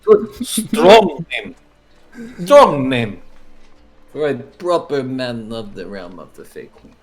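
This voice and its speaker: Lively playful man at a game table. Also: mid-range voice, slow. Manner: laughing, playful. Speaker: player. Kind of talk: casual chat at a tabletop game.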